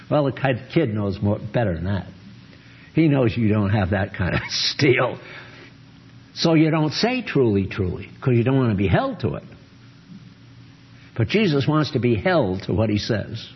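Slow, husky male preacher with a lively pitch on a dull lo-fi recording, quizzing his congregation mid-sermon. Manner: questions his listeners often. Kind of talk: sermon-style Bible teaching.

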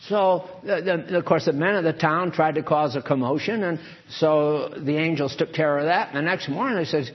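High-voiced folksy male preacher. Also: normal speed, husky. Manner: conversational, digressive, asks the listeners questions. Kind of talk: folksy sermon reading and explaining scripture. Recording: dull lo-fi recording.

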